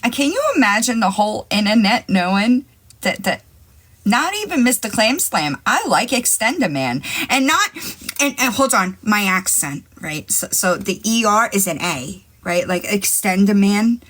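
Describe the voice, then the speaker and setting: Woman live-streamer, mid pitch, foul-mouthed, taunting and rambling. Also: sing-song, moderate pace, fairly bright tone, breathy edge. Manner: brash and profane, taunting; rambling, talks straight to chat. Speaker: livestream host. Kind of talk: casual live-stream chat. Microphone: phone.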